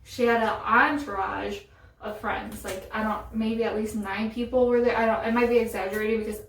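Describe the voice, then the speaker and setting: A young woman chats through a story in a slightly high voice with a flat, even delivery. Her tone is chatty and exasperated. She sounds set back from the mic in a roomy, echoey space. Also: fairly quick, a little hiss or hum. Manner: chatty, exasperated retelling with lots of "like". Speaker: vlogger. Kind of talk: casual storytelling chat. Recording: roomy echo, voice from a distance.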